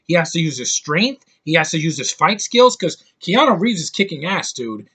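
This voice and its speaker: An American man rants through a movie review in a blunt, heated way, tripping over his words and starting sentences again. His voice sits a bit high and sounds bright and forceful, with a husky, slightly breathy edge. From United States. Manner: blunt, heated, rambling with restarts. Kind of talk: ranting casual review.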